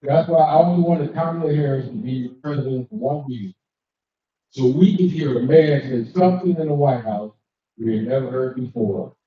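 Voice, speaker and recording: An older man doing crude, animated stand-up comedy, slipping into quick character voices as he tells his stories. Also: mid-range voice. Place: cigar lounge comedy stage. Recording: echoey distant dull live-room recording.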